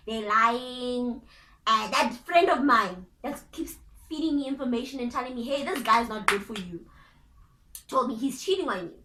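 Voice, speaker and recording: A young South African woman telling a personal story in a casual, animated, chatty way. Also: high-pitched. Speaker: vlogger. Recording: echoey room.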